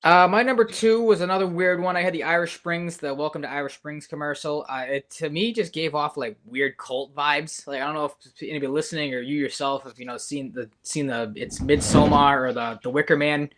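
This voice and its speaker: A man's voice: fairly high pitch, fairly even intonation, brisk, hardly any pauses, fairly bright tone. Young dude on a sports podcast, rambly, keeps restarting his sentences. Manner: rambling, self-correcting. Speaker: podcast co-host. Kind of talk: casual sports chat.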